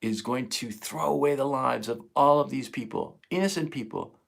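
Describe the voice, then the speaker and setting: A man's voice: medium pitch, normal speed, vocal fry. A man in his fifties ranting on a live stream, emotional and profane. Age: 50s. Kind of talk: angry live stream monologue.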